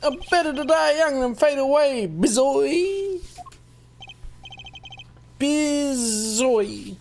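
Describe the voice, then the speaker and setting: A woman's voice: high-pitched, animated, drawn-out words, creaky, darkish tone, slight background noise, pitched above the performer's own voice, full character voice. Woman doing a swaggering young street thug. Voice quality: slangy gangster swagger. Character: cocky young male street thug, lovestruck.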